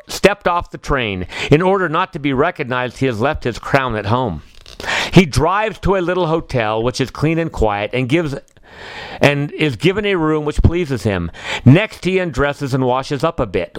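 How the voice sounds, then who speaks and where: Clear-voiced man reading a storybook. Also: mid-range voice, no room sound. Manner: gentle, measured reading with small slips. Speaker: narrator. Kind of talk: storybook read-aloud.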